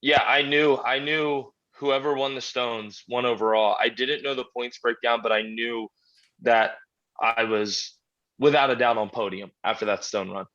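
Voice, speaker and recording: A man's voice: mid-range voice, steady tone, moderate pace, fairly bright tone, highs cut off. A man talking as a podcast guest in casual chat, blunt and laid-back, swearing freely as he tells his story. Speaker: podcast guest, strongman champion.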